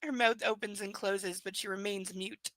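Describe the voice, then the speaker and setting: A woman's voice: mid-range voice, steady tone, moderate pace, fairly bright tone, no room sound, poor audio. A woman reading a novel aloud live, breaking off for sarcastic, laughing asides about the story. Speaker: reader. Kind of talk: live book reading with commentary.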